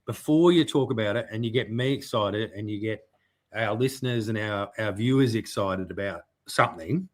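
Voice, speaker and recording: A man's voice: fairly low pitch, normal speed. A man co-hosting a podcast, speaking in a hesitant, mock-indignant casual chat with many fillers. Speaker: podcast co-host.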